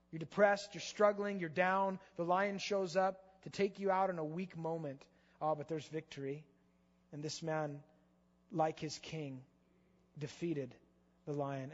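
A man preaching a sermon in an animated way, full of rhetorical questions. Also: high-pitched. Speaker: pastor. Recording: echoey hall, slightly dull sound.

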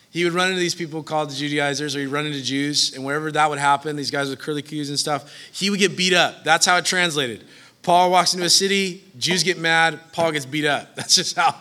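A man preaching a lively sermon, telling a story casually and acting out the characters in quick voices. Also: high voice. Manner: animated, acts out characters in quick voices, swings from hushed to loud; casual slangy speech.

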